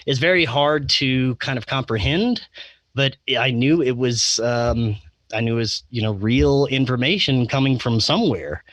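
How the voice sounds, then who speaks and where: A man's voice: mid-range voice, moderate pace, a bit bright, no room sound. A man telling a long personal story as a podcast guest, rambling with many fillers, restarts and chuckles. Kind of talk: casual interview storytelling.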